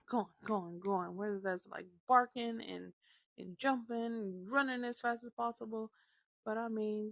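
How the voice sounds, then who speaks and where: A woman telling a casual story about her kids, animated, dropping into hushed whispers now and then. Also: medium pitch, no room sound. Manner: animated, drops to hushed whispers when acting out shushing. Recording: slightly dull lo-fi sound.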